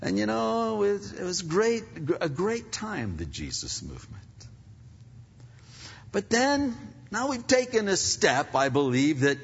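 Older male pastor, rough husky voice, chatty sermon that rises loud then drops hushed, dull recording in a big church. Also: high-pitched, big pitch swings, a little slow. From Pennsylvania, United States. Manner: conversational preaching, swings from loud to hushed. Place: large church sanctuary. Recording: dull reverberant hall sound.

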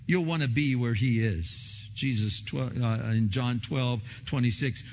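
A man preaching a sermon as pastor, emphatic, often repeating words and swinging between loud and soft. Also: mid-range voice, moderate pace, few pauses. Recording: long hall reverb, dull lo-fi sound.

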